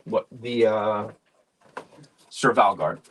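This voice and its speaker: A man's voice: lowish voice, slow, fairly bright tone, husky. A man chatting casually, rambling with lots of fillers and poking fun at himself. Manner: rambling, self-deprecating, many fillers. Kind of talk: casual chat.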